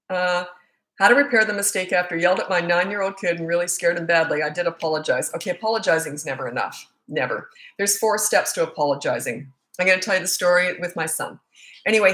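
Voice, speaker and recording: A woman's voice: on the low side, fairly bright tone. Blunt joking woman in an echoey room. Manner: blunt, joking, rambling with asides. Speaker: parenting coach. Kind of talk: casual Q&A monologue. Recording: roomy echo.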